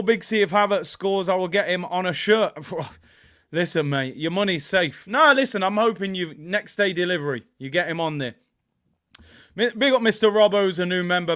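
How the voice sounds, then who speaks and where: Young man, watchalong host, excitable, high-pitched, bright and crisp. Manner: excitable, shouts and cheers at goals; gives shout-outs to chat viewers. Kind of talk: live football watchalong chat.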